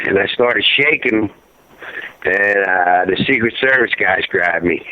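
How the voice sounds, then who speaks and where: A man's voice: lowish voice, unhurried, no echo. A middle-aged man speaking over a narrow, phone-like line with no room sound at all. He rambles and circles back, leaning on "you know" and "uh" as he recounts events to the host. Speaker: guest, father of a fallen serviceman. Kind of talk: emotional phone interview. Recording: tinny phone line, dry.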